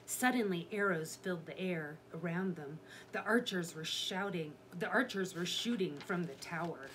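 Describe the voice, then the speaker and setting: A woman reading a children's chapter book aloud in a steady storytelling manner. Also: lowish voice, moderate pace, slight background noise. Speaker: reader.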